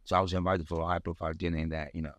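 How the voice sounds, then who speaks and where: A man, an actor from Nigeria, talking in a relaxed interview and telling animated anecdotes full of fillers and restarts. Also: sits low, rapid-fire, no room sound, studio quality. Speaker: actor, guest. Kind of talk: casual interview chat.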